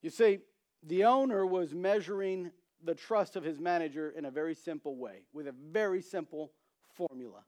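A man's voice: fairly high pitch, normal speed. A man preaching a sermon, telling humorous stories and acting out the characters' voices. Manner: storytelling, acts out quoted voices, animated emphasis.

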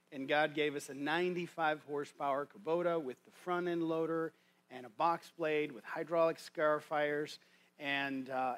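A man's voice: on the high side, a bit bright. A man giving a guest sermon in a church, in a folksy, conversational way with many restarts. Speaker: guest preacher. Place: church sanctuary.

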